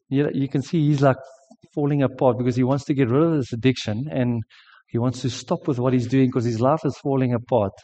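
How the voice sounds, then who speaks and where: A man's voice: mid-range voice, mellow. A middle-aged man preaching a sermon, telling a personal testimony earnestly. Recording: dull lo-fi sound with long hall reverb.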